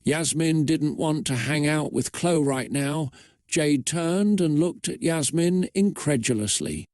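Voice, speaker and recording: Slow, dry-voiced man reading a story. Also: fairly high pitch, darkish tone, no room sound. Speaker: narrator. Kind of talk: reading a fan story aloud.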